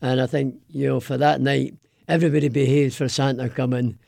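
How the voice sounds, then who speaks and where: A man's voice: mid-range voice, level tone, a little fast, vocal fry, dark tone, no room sound, studio quality. A Scottish man who is a cheerful radio interview guest and laughs often. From Scotland.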